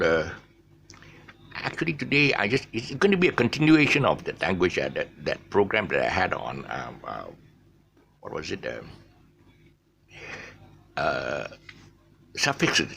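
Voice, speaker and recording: Rambling man with a gravelly voice. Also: fairly low pitch, a bit bright, a little hiss or hum. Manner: rambling, many fillers and restarts. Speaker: English teacher. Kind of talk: casual spoken English lesson.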